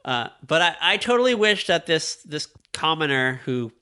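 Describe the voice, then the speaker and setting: A man co-hosting a podcast, casually recapping a children's book with lots of swearing and quick put-on voices for the characters. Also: fairly high pitch, clean tone. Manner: profane, animated, puts on voices when retelling. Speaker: podcast co-host. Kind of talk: casual book-club chat.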